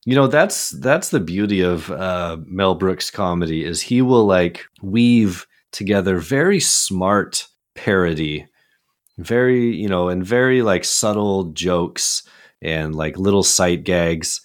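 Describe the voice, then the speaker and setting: Low-voiced chatty man co-hosting a podcast. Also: takes it slowly. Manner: chatty, lots of "like" and "you know" fillers. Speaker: podcast co-host. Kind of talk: casual film discussion.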